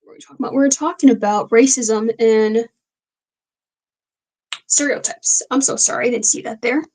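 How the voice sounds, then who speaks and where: A woman's voice: a little high, fairly even intonation, normal speed, darkish tone, low-quality recording. A young woman hosting a casual late-night livestream, talking frankly and rambling with many fillers and restarts. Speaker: livestream host.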